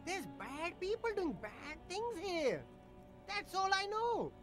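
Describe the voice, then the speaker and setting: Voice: extremely high pitch, sing-song, slow pace, over music, heavily acted. A voice actor playing a defensive, boastful street vendor in a video game who keeps dodging questions with rambling denials. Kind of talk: game voice acting.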